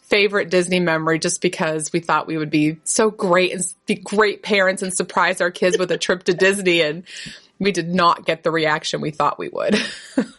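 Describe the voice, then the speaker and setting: Lively woman telling a family story. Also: moderate pace. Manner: lively storyteller, laughs often, jumps up high when quoting. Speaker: podcast guest. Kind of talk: casual storytelling.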